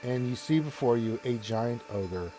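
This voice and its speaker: A man's voice: mid-range voice, lively intonation, measured pace, warm tone, soft background music. A man narrating a tabletop game as game master, rambling with restarts.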